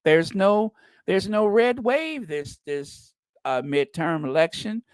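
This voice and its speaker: A man's voice: a little high, very animated, normal speed, fairly bright tone, no echo, studio quality. A man putting on the voice of a flustered, dramatic Southern belle, drawling and swooning.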